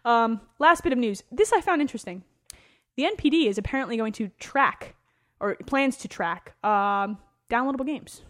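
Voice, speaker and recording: A woman co-hosting a casual podcast, talking quickly and joking. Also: on the high side. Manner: fast, animated and joking. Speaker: podcast co-host. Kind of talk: casual chat.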